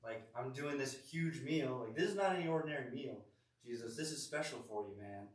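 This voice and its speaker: A man's voice: medium pitch, lively intonation, fairly quick, lightly acted. A man voicing an exasperated, overworked woman who complains in casual modern slang. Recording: echoey room, distant mic.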